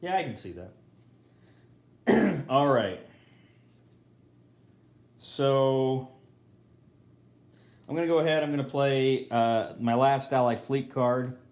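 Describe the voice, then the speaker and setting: Man, mid-pitched, casual live board game host, self-correcting, roomy echo. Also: slow, pauses often, a little mellow.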